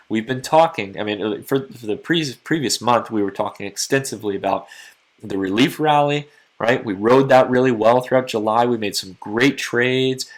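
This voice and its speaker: Tired-sounding crypto market host. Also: male voice, medium pitch. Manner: quick, earnest, talks straight to viewers. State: tired, late at night. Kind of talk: casual market commentary to camera.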